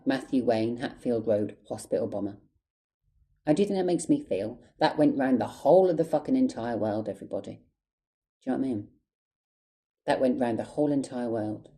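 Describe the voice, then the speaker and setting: A man's voice: mid-range voice, dark tone, low-quality recording. A man telling a story to the camera in an angry, emotional way, swearing a lot and close to tears. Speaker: vlogger. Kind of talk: storytime vlog monologue.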